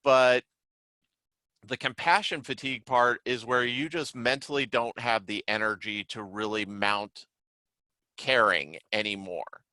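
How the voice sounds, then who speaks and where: A man lectures as a trainer in a loose, chatty way, scattering filler words as he explains. His voice is bright and forceful. The sound is dry, with no room echo. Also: medium pitch, a little slow. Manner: conversational, many "like" fillers, lively retelling. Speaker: CERT trainer and psychiatrist. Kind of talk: casual online lecture.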